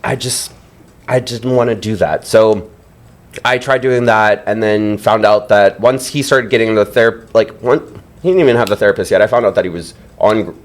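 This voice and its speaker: A man's voice: lowish voice, moderate pace. Chatty man telling a story, laughing. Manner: animated, laughs often, chatty storytelling with many fillers. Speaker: podcast guest. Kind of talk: casual chat.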